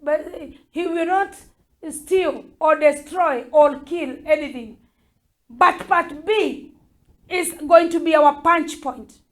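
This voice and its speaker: A woman bishop preaches in a very high voice. She speaks slowly and fervently, repeating each urging as she leads the prayer. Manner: fervent, repetitive exhortation. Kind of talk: prayer sermon.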